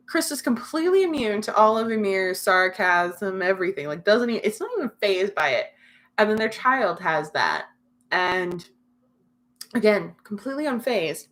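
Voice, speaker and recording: A young woman hosting a relaxed livestream and talking straight to her chat. She is chatty and teasing, and she giggles a lot as she reads comments and spins fun ideas. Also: medium pitch. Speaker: livestream host.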